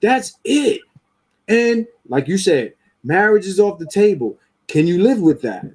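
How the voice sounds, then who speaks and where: A man hosting a podcast, talking casually and profanely, getting animated as he mocks what others say. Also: high voice, moderate pace, breathy edge. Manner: animated, profane, rising into mocking quotes. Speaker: podcast host. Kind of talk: casual opinionated talk.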